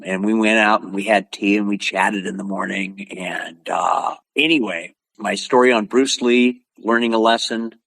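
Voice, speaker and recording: An older man from Oregon spins his stories with a lively, swooping delivery and a husky edge to his voice. He acts out other people's lines as he goes. The sound is close and dry, with little room around it. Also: on the low side, no echo. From Oregon, USA. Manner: lively storyteller acting out quotes. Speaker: guest, martial arts instructor. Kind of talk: animated storytelling.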